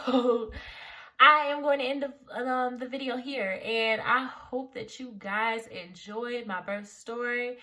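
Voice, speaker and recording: Bright-voiced young woman vlogger. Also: a little high, a little slow. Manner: animated, acts out quotes. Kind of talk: storytelling vlog.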